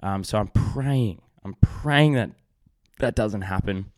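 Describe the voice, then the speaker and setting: Chatty dad with low voice. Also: male voice, takes it slowly, a little mellow, dry recording, clean studio sound. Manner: rambling, chatty, lots of fillers and restarts. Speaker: podcast host. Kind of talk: casual solo podcast storytelling.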